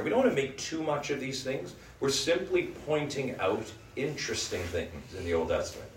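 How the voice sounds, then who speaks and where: A man leading a Bible study group, teaching and often checking in with the group by asking "right?". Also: medium pitch. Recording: echoey room, mic at a distance, faint noise.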